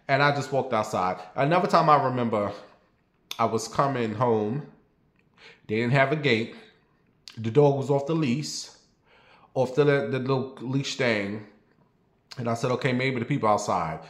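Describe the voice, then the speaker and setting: New man, casual storyteller, blunt and profane, mid-pitched, recorded in a roomy space. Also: moderate pace. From New York. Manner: rambling, blunt and profane, talks straight to viewers. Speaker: vlogger. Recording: roomy echo.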